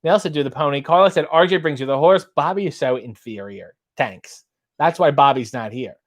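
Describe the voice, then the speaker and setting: A man's voice: fairly high pitch, brisk. A middle-aged man hosting a casual live stream, reading out viewer comments and bawdy limericks with a playful sing-song lift. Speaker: host.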